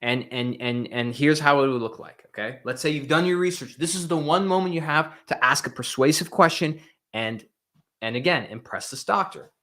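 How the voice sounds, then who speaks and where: A man's voice: on the high side, normal speed, a bit bright. A man giving casual, emphatic coaching on sales tactics, checking in with the listener as he talks and acting out scenes as he moves around a room. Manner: emphatic, demonstrates with role-play, frequent "right?" and "okay?". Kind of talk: casual instructional talk.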